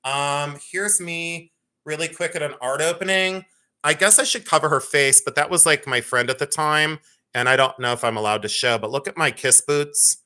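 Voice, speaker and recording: A middle-aged woman hosting a live sale stream in a playful, rambling way. Her voice is bright and forward, and she pokes fun at herself. She talks casually to her viewers. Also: low-pitched, normal speed. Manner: chatty, self-mocking, playful. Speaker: livestream jewelry sale host. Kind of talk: casual livestream chat.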